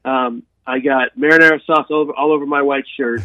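A man telling a long personal story in an interview, animated, with frequent restarts and repeated words. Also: medium pitch, fairly quick, no room sound. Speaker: guest sharing his life story. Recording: dry tinny phone-like sound.

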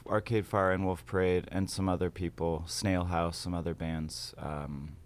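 A man's voice: low-pitched, level tone, moderate pace. A man who is a musician, a guest on a radio interview, laid-back with a dry sense of humor.

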